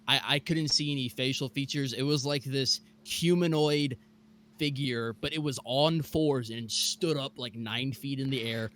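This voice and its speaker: A young man from Mississippi telling a scary true story on a podcast, animated and full of fillers. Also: mid-range voice, measured pace. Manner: animated, many fillers like "like" and "bro". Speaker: guest storyteller.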